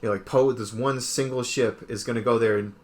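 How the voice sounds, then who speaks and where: Guy rambling through a movie recap, tons of "like", tosses in quick quote voices. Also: medium pitch, fairly even intonation, darkish tone. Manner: rambling retelling full of "like" and quick put-on quotes. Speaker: podcast co-host. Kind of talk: casual chat.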